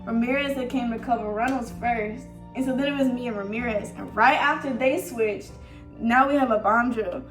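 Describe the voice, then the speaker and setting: A woman's voice: fairly high pitch, normal speed. A young woman chatting casually on her vlog, storytelling with frequent laughs. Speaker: vlogger. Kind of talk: casual chat. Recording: echoey room with music.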